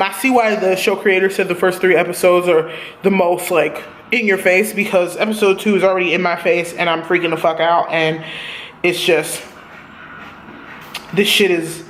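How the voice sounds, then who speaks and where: A woman reviewing a TV episode in a casual vlog, animated and profane, talking straight to her viewers. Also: on the low side, a little hiss or hum.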